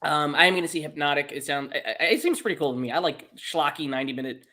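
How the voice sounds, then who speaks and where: A man's voice: fairly high pitch, fast, pushed and bright. A man co-hosting a movie podcast in casual chat, upbeat and jokey, laughing often. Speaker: podcast co-host.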